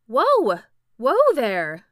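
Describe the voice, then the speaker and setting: A woman reading out the lines of an excitable young boy in a storybook, exclaiming loudly. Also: mid-range voice, unhurried, clear, resonant tone, no room sound, studio quality. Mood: shouting.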